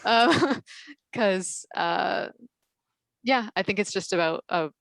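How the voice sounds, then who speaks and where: A woman's voice: medium pitch, lively intonation, slow pace, vocal fry, a bit bright, no room sound. A woman speaking as a podcast guest in a casual roundtable discussion, hesitant, with many fillers.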